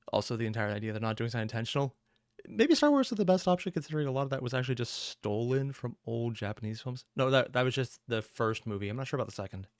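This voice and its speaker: A man's voice: medium pitch, no echo, clean studio sound. A man giving casual reaction commentary, rambling and opinionated with self-deprecating asides. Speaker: reaction streamer.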